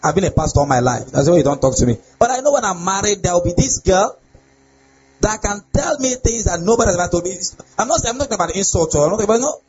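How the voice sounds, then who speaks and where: Young man, pastor, high voice, animated sermon, rhetorical questions, muffled lo-fi recording. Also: very fast, a little hiss or hum. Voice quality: animated preaching with laughs and repeated rhetorical questions. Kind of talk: sermon on relationships. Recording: dull lo-fi sound with faint ambience.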